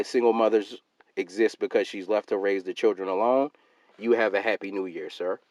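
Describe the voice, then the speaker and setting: A man hosting his own channel, ranting and reading out a comment exchange, getting loud and emphatic on his own replies. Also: fairly low pitch, fairly even intonation, moderate pace, dry recording. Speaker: channel host.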